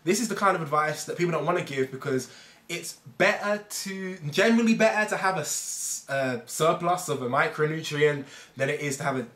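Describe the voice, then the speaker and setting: Guy vlogging, lively up-and-down voice, kinda high, echoey room. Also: fairly quick. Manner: animated, rambling, fond of analogies. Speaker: fitness vlogger. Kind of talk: casual explainer monologue.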